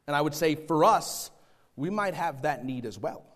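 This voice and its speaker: A man's voice: a little high, expressive, normal speed. Emphatic male pastor in a reverberant hall. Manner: emphatic preaching that swings between loud stressed words and quiet asides. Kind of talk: sermon.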